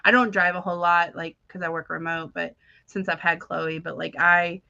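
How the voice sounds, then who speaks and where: A woman's voice: on the low side, fairly even intonation, normal speed, vocal fry, pushed and bright, no echo. A woman in her thirties co-hosting a casual chat, telling rambling stories, laughing often and acting out what others said. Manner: chatty storyteller who laughs often and acts out quotes. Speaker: podcast co-host. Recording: slightly dull dry recording.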